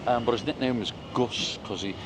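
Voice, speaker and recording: A man in his fifties with a mild Liverpool accent and a deep voice, chatting and telling stories while out walking. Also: a little fast. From Liverpool, England. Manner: chatty storyteller, warm anecdotes. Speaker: vlog host. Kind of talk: casual chat while walking. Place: outdoors on a town street. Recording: outdoor street noise.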